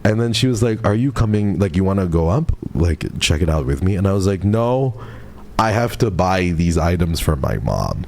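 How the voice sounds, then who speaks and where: Young male streamer, lowish voice, flustered rambling storyteller with casual swearing. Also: lively intonation, normal speed, a little mellow. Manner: rambling, flustered, heavy on "like" fillers; swears casually, addresses chat as "bro" and "guys".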